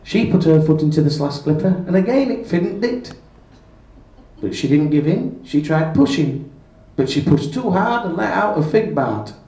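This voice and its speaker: A male comedian in a pub telling a bawdy fairy tale full of spoonerisms in a deadpan comic way. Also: a little high, moderate pace. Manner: deadpan comic narration with self-corrections. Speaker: stand-up comedian. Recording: echoey pub from far off.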